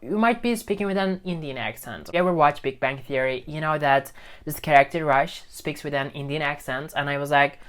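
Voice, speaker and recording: An English teacher hosting a video speaks directly into his phone for a relaxed lesson, emphatic and repetitive, with frequent "okay?" check-ins. His voice sits high, brisk, a bit bright, clear and resonant.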